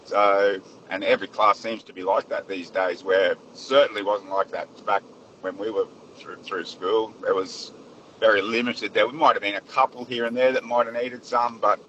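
An Australian man calling in to a radio show from his vehicle, talking in a relaxed, rambling way. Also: on the low side, moderate pace, highs cut off, a little hiss or hum. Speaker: caller. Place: vehicle on the road.

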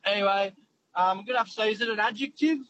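A man's voice: sits high, fast talker, pushed and bright. A man with an Australian accent calling in to a radio quiz, chatty and hesitant, heard over a dull phone line with faint hiss. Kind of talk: casual phone-in chat.

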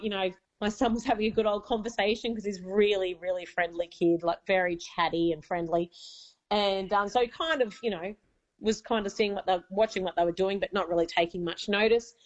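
A woman's voice: mid-range voice, muffled recording. A woman in her forties with an Australian accent, telling a personal story as a caller on a radio show, chatty with many fillers.

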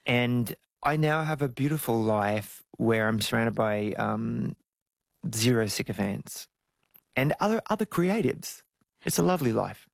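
A man, telling stories as an interview guest, jumping into high squeaky tones when he jokes. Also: unhurried, vocal fry, no room sound. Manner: animated storytelling, jumps to high squeals when joking. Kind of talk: casual interview chat.

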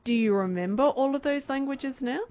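A woman's voice: sits high, moderate pace, a little mellow, dry recording. A woman interviewer asking brief, probing questions in an oral history interview.

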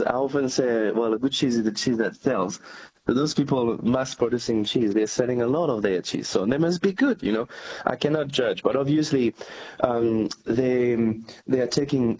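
A cheesemaker and company director with a French accent answers radio interview questions, explaining things earnestly and often restarting. His voice is medium-pitched with a darkish tone, and the recording is rough.

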